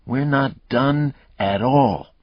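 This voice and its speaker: A man voicing a volatile, brutal male kidnapper who snarls and shouts harshly. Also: medium pitch, extremely slow, dry recording, highs cut off, voice pushed up. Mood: gruff.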